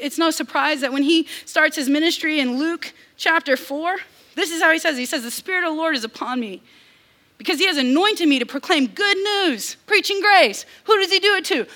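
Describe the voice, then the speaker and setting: Young Southern woman preacher, high bright voice, lively sermon delivery with playful asides. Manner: animated, acts out quoted voices, casual asides.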